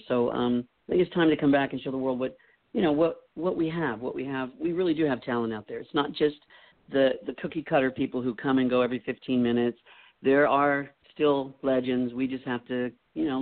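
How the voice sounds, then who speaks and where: An older man talks as a guest in an easygoing, joking, rambling way. His voice sits at a middle pitch. It comes through a narrow, phone-like line. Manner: jokey, rambling, slips into impressions. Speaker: guest entertainer. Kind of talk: casual interview chat.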